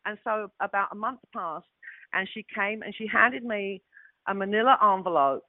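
A woman in her sixties with a London Cockney accent, telling animated stories with laughs as a guest actress. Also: medium pitch, normal speed, no room sound. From London, England. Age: 60s. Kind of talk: casual anecdote. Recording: tinny phone-like audio.

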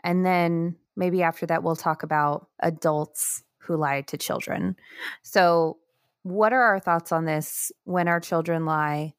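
A woman's voice: lowish voice, fairly even intonation, smooth, no echo, clean studio sound. A young woman co-hosting a podcast, chatting casually and reading parts of an article aloud. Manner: chatty, fast, many "like"s. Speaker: podcast co-host, Montessori teacher.

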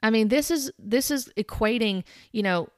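A Christian commentator with a voice on the high side offers earnest, corrective Bible commentary, citing chapter and verse and speaking directly to her viewers. She talks at normal speed in a clean studio recording with no echo.

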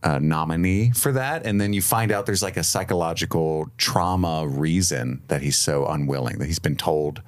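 A man with a very low, deep voice co-hosts a casual podcast chat. He talks in an animated, profane way and laughs often. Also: normal speed, few pauses. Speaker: podcast co-host.

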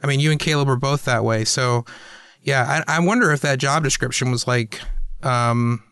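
A man hosts a relaxed interview, his voice smooth and clear. He rambles, restarts his sentences and laughs easily. The sound is dry and close. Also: medium pitch, moderate pace, no echo. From Atlanta, US South. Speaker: podcast host. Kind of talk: casual interview chat.

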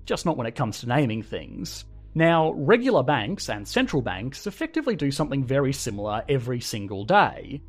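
A man with an Australian accent, hosting a scripted finance explainer in a lively, conversational way. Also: medium pitch. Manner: lively, conversational, emphatic delivery. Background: faint background music.

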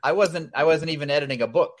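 A man's voice: on the high side, fast. A man talking as a guest in a casual chat, blunt and anecdotal, often chuckling. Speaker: comics publisher guest.

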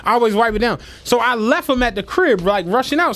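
A man's voice: extremely high pitch, very fast, hardly any pauses. Laughing man telling stories. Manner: animated storyteller, laughs often, profane. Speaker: podcast host. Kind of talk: casual chat.

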